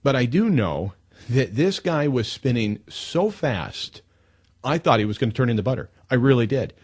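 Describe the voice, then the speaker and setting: Animated male talk radio host. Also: medium pitch. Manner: emphatic, animated storytelling. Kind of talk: live talk radio monologue.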